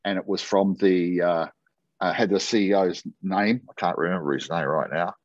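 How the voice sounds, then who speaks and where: An Australian man, a guest in an interview, telling a long story in a lively, conversational way and acting out the dialogue. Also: deep voice, moderate pace, dry recording. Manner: animated anecdote-telling, acting out quoted dialogue. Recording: dull, lo-fi and dry.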